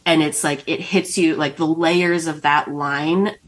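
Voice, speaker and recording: Low woman, author guest, loose casual chat, laughs through lines. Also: fairly even intonation, unhurried. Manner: emotional, laughs often while talking.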